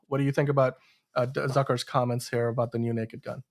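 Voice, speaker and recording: A man's voice: mid-range voice, little pitch movement, fast talker. A man hosting a live-streamed podcast, talking in a rambling casual way with many restarts. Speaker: podcast host.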